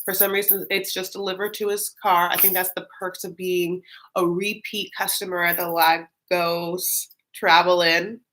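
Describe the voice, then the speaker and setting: A woman's voice: lowish voice, little pitch movement, normal speed, a bit bright. A woman hosting a live stream, chatting casually and rambling with lots of fillers and giggles. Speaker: live-stream host reacting to a reality show.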